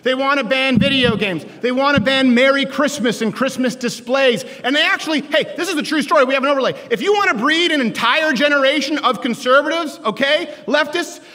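A man in his thirties giving a joking, sarcastic campus speech to students, shouting his punchlines. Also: very high voice. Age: 30s. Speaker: political commentator speaking to students. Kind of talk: stand-up style campus speech. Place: large lecture hall with a live audience. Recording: echoey hall, live crowd.

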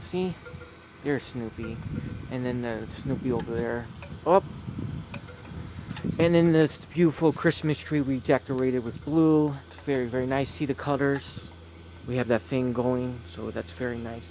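Gentle man filming holiday lights outdoors. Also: medium pitch, measured pace, slight background noise. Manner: repetitive, gentle, keeps saying very very nice. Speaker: vlogger. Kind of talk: casual vlog tour. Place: outdoors at night by a house.

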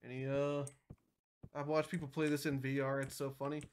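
A woman's voice: a bass voice, little pitch movement, a little fast, slight background noise. A woman streaming a game, jumpy and nervous, talking to herself and her chat and swearing often. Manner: nervous, wavering loudness. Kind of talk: live gameplay commentary.

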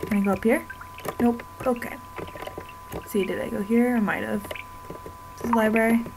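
A woman's voice: fairly high pitch, fairly even intonation, normal speed, vocal fry, noisy background. A woman giving casual, chatty commentary on a video game, wondering aloud as she plays, with game music underneath. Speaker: let's play commentator. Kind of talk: gameplay commentary.

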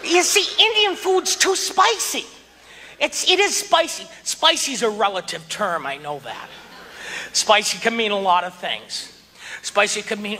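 A male stand-up comedian who talks in an animated, exclaiming way and keeps jumping into voices. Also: high voice, a little slow, slight background noise. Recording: live hall with loud audience laughter.

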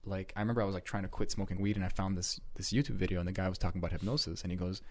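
A man's voice: low-pitched, steady tone, racing. A man co-hosting a laid-back podcast, rambling in casual chat with lots of fillers and swearing. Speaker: podcast co-host.

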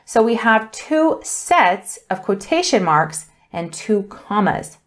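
A woman teaching an English punctuation lesson, explaining rules clearly and deliberately while reading example sentences aloud. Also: medium pitch, sing-song. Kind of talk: grammar lesson.

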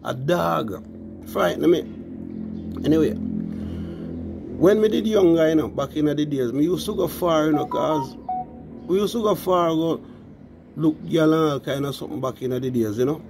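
A man's voice: fairly high pitch, normal speed, vocal fry, long pauses, noisy background. A man with a Jamaican accent telling a story in casual patois, often adding "you know" and calling his listeners "people".

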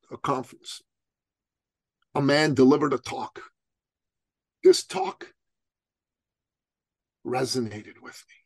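This middle-aged Iranian man, a guest in a conversation, tells a motivational story with emphasis and plenty of rhetorical questions, streetwise and calling the host "bro." His voice is medium-pitched and a little mellow, and the recording is dry.

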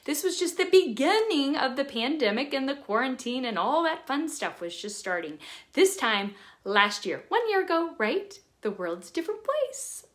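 A woman vlogger talking casually to her viewers, chatty and animated as she shares personal reflections. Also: high voice, normal speed. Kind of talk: casual talk to camera.

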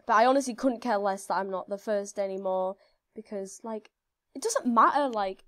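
A young woman commenting on her gameplay in a casual, excitable way, her voice slightly hoarse. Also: mid-range voice, moderate pace. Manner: excitable, breathless, full of gasps and squeals. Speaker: gaming video creator.

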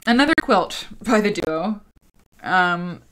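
Slow-talking woman hosting a livestream. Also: on the low side, lively intonation, noisy background. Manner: emotional, talks to viewers and reads comments aloud. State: tearful at times. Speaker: host of a livestreamed quilting show. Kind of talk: casual livestream chat.

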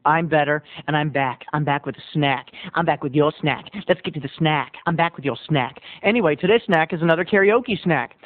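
A man's voice: on the high side, fairly quick, few pauses. A man video blogger telling a comic story in a theatrical, flamboyant manner. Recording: tinny lo-fi phone-like sound.

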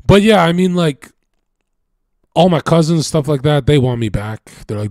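A young man from Canada, a streamer, talking in a rambling, profane casual monologue that swings between loud bursts and low mutters. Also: moderate pace, no room sound, studio quality.

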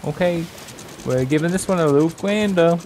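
A man's voice: on the high side, normal speed, a little mellow, faint music behind. A man playing a game with a friend, teasing him in profane, laughing banter. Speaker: co-player. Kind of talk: casual gaming banter.

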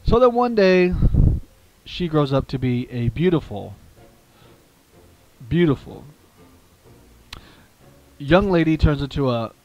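Animated, playful man telling a toy story. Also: slow pace, long pauses, dull audio. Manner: animated, playful, drops low for sentimental asides.

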